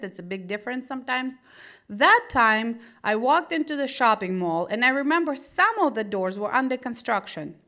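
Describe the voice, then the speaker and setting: A woman's voice: fairly high pitch, bright, forceful tone. A young woman from Russia with a Russian accent, telling a stand-up story to a live crowd and laughing along as she goes. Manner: chatty, laughs at her own story. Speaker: stand-up comedian. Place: small gallery venue, live audience.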